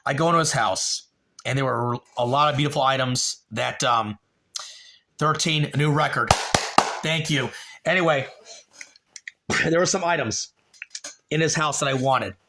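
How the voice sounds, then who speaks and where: A man talking casually on a live stream, rambling and halting with many fillers, and growing emotional about a dead relative. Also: mid-range voice, sharp tone, slight background noise. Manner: rambling, repeats a friend's name, halting with fillers.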